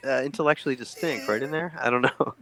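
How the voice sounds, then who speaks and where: A man playing a tabletop game, animated and jokey, laughing often as he describes his moves. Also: medium pitch, fast. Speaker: player. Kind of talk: tabletop game play, casual chat.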